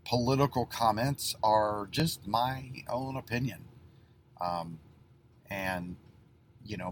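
Folksy man with a low voice. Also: a little hiss or hum. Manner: folksy, rambling with many fillers and restarts. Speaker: plumbing business owner. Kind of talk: casual advice talk.

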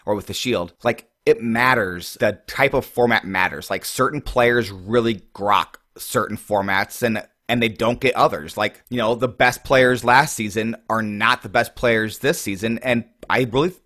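A man's voice: on the low side, moderate pace, few pauses, a bit bright, dry recording, clean studio sound. A man co-hosting a card-game podcast, chatting casually and rambling with lots of fillers. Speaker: podcast co-host.

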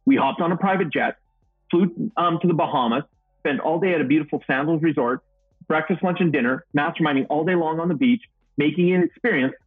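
A man's voice: a little high, brisk, husky, dry recording, soft background music. A middle-aged man, a motivational speaker, telling stories in an upbeat, goofy interview answer. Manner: upbeat, self-described goofball, acts out quotes. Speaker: guest, motivational speaker and trainer. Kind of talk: energetic storytelling interview answer. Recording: tinny phone-like remote call audio.

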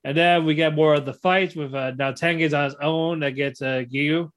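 A man's voice: on the high side, normal speed. Chatty man recapping with laughs. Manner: animated retelling, acts out characters' lines with laughs; many fillers and restarts. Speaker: podcast co-host. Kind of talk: casual chat.

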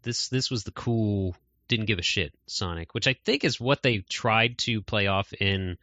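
A man hosts a podcast in loose, rambling casual chat that is full of fillers. His voice sits a little low with a bright, forceful edge. The recording is dry and close. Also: measured pace, no echo. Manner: rambling, many fillers and laughs. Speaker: podcast host.

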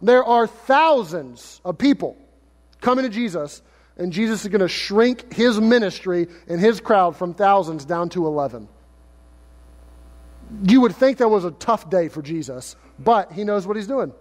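A male pastor preaching a sermon, reading scripture and acting out quoted lines in lively paraphrase. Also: sits high, a little slow. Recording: long hall reverb.

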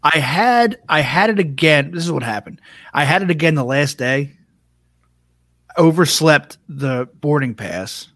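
A man's voice: on the high side, expressive, unhurried, a bit bright, dry recording. A man co-hosting a casual live podcast chat, joking and laughing easily. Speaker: podcast co-host.

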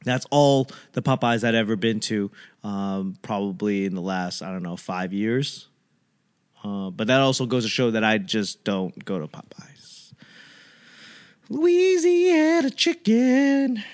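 A man's voice: lowish voice, steady tone, measured pace, clear, resonant tone. Rambling man telling stories. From Boston, USA. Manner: rambling, self-deprecating, loses his train of thought. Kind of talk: casual comedic monologue.

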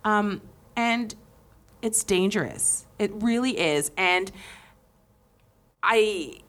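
A woman's voice: mid-range voice, animated, very slow, a bit bright. A young adult woman co-hosting a podcast, chatting casually with slang and playful asides. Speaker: podcast co-host.

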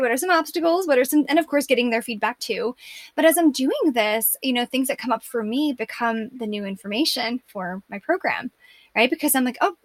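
A woman's voice: on the high side, fairly bright tone, dry recording. A woman coach talking earnestly and reflectively as an interview guest, often checking in with "right?" and "you know".

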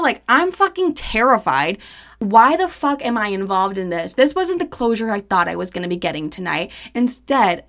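A young woman in her twenties telling a story straight to the listener, casual and full of swearing. She keeps the telling animated and jumps into high, indignant bursts when she acts out her own side. Her voice sits at an ordinary middle pitch. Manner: animated, profane, rising to indignant outbursts.

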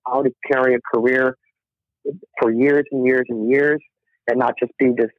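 A man's voice: mid-range voice, level tone, normal speed, no echo. A middle-aged man, a rock musician guest, telling stories in a casual interview, acting out quotes and laughing often. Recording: tinny dry phone line.

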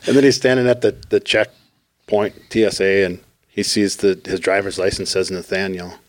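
A man's voice: low voice, normal speed, no echo. A man co-hosting a podcast, casually retelling comedy bits and acting out the quotes. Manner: animated storyteller acting out quotes, repeats "right". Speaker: podcast co-host.

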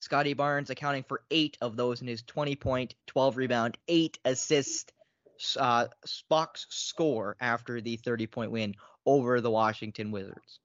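A man co-hosting a casual sports podcast. He is excitable and repeats himself, and his pitch jumps a lot. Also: unhurried, dry recording. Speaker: podcast co-host. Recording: dry, dull lo-fi sound.

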